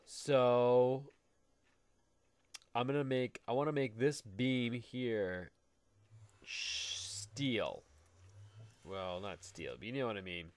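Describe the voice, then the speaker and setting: A man at home hosts a casual Let's Play, rambling and joking to himself while he builds. His medium-pitched voice moves slowly with long pauses and sounds smooth, with no echo.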